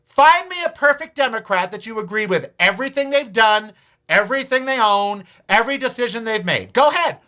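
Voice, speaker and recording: High, bright-voiced man ranting. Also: animated, a little fast. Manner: profane, sarcastic, repetitive challenges. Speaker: podcast host. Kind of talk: ranting political talk.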